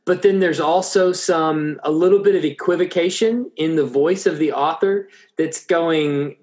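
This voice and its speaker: A man's voice: fairly high pitch, unhurried, few pauses, darkish tone. A man preaching an expository Bible lesson, thinking aloud with frequent restarts.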